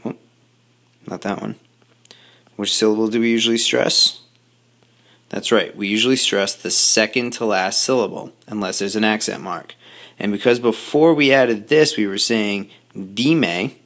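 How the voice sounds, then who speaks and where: A man teaching a recorded Spanish grammar lesson, explaining patiently step by step with quick asides to his students. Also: lowish voice, a bit bright. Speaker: high school Spanish teacher.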